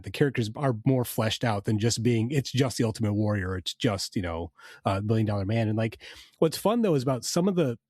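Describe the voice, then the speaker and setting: A man's voice: mid-range voice, a little mellow, no echo. Male co-host, easygoing chat, dry recording. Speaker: podcast co-host. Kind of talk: casual podcast chat.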